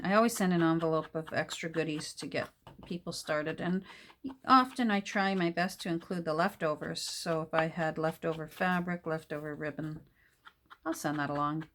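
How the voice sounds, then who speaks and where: A woman's voice: deep voice, fairly even intonation, moderate pace, fairly bright tone, slight background noise. A middle-aged woman from Canada chatting casually and rambling as she works on a handmade journal, often trailing off mid-sentence. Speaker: journal maker. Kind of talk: casual chat while crafting. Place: home craft table.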